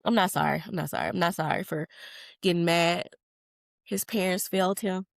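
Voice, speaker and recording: A woman's voice: on the low side, moderate pace, creaky, dry recording, clean studio sound. A woman hosting a podcast in casual solo talk, answering comments in a heated, blunt and profane way with emphatic outbursts. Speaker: podcast host.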